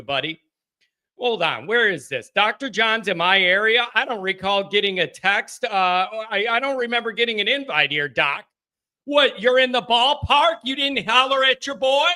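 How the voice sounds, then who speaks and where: A man's voice: high voice, sharp tone. A man hosting a live sports call-in stream, chatting casually from a home studio, rambling and joking with his chat viewers.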